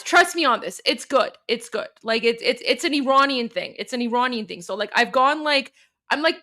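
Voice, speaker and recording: A woman's voice: on the high side, sharp tone. A woman hosting a live stream, talking casually with lots of fillers, restarts and repeated phrases. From Iran. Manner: chatty, repeats herself, many fillers and restarts. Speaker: political commentator and live stream host.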